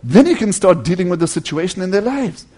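Man, preacher, sermon, high voice, emphatic then hushed, addresses friends. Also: very animated, a little fast. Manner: swings from loud emphatic preaching to hushed near-whisper; addresses listeners as friends, earnest and pleading.

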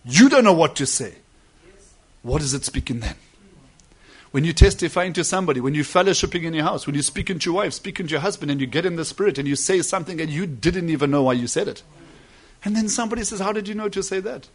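A man preaching a sermon, dropping to soft asides and then rising to loud, drawn-out emphasis. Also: on the high side, lively intonation, husky.

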